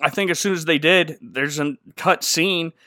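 A man's voice: on the high side, normal speed, bright, forceful tone, no room sound, clean studio sound. A man co-hosting a comedy show, recapping a movie in a goofy, rambling way. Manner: goofy, rambling, laughs a lot. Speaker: podcast co-host.

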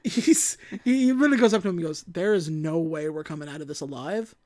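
A woman's voice: low-pitched, fast, dark tone. A woman co-hosting a casual podcast, recapping a movie and acting out its lines in mock voices. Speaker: podcast co-host.

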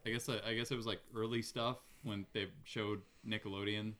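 A man's voice: on the low side, level tone, normal speed, a bit bright. A young man co-hosting a podcast in casual chat, offhand, tossing in dry corrections. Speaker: podcast co-host.

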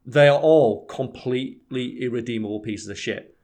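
A man's voice: mid-range voice, normal speed, darkish tone. A man in casual chat, swearing often and acting out quotes.

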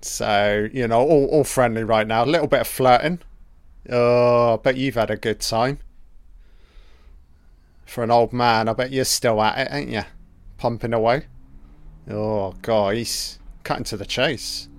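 A man's voice: medium pitch, fairly even intonation, a little slow, long pauses, no room sound. A man giving a casual, profane audio commentary over a film, joking and talking back at the characters.

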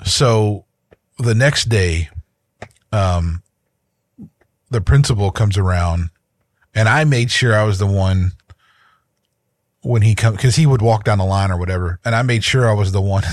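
Casual podcast co-host, man in his thirties, rambling storyteller, lowish voice, dry sound. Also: normal speed, long pauses, no room sound. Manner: rambling, with frequent restarts and repeated words. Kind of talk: casual chat, personal storytelling.

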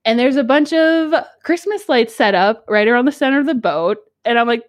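A young woman in her twenties co-hosting a podcast, telling a story in a casual chat, animated and giggly with lots of "like". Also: on the high side, moderate pace. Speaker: podcast co-host.

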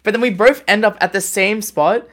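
A man, co-hosting a casual podcast and telling fast, animated stories full of "like". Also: high voice. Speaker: podcast co-host. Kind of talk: casual chat.

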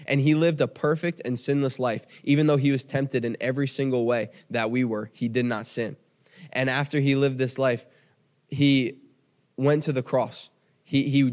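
An American man preaching a podcast sermon in an earnest way, often repeating phrases and restarting sentences. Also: medium pitch. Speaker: pastor.

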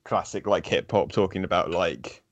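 Guy chatting on a podcast, rambly and excited, lower-ish voice. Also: normal speed, muffled recording. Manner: enthusiastic, rambling with many fillers. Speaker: podcast guest. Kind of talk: casual chat.

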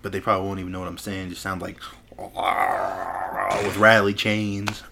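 A man's voice: sits low, completely flat delivery, rapid-fire, very noisy. Joking man on a comedy podcast. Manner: joking, laughs often, acts out scenes. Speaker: podcast co-host. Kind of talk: casual comedic banter.

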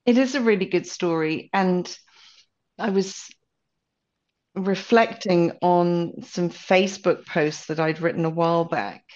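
Slow, low-voiced reflective woman co-host. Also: fairly even intonation, darkish tone. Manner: thoughtful, measured, hesitant with ums. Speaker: podcast co-host. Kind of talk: casual reflective chat. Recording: dull lo-fi podcast audio.

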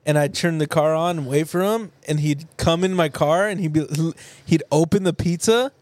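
High-voiced young man telling stories. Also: moderate pace, no room sound. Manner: animated storytelling with quoted voices. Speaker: podcast host. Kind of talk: casual chat.

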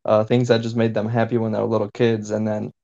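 His voice sits on the low side, gravelly and warm yet monotone, and he talks fast. As a podcast host chatting casually, he stays laid-back, curses easily and leans on "you know". The sound is muffled and lo-fi.

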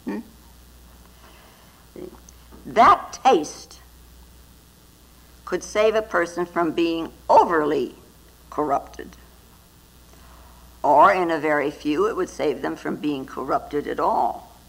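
A woman's voice: low voice, animated, takes it slowly, long pauses, slightly rough, rough recording. A woman Zen teacher giving a dharma talk, telling stories and often adding little tag questions. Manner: storytelling with frequent tag questions.

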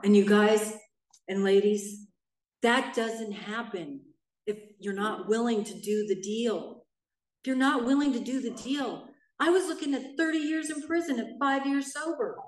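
A middle-aged woman, main speaker at a recovery meeting, telling her own story in a blunt, animated way and acting out the voices of people she quotes. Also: fairly high pitch, unhurried. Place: meeting room in a church. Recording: roomy sound, mic at a distance.

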